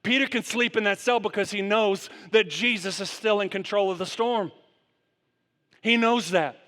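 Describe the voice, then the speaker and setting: High, bright-voiced pastor preaching in a reverberant church. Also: male voice, normal speed. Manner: questions the congregation in rhetorical runs. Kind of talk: sermon. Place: church sanctuary.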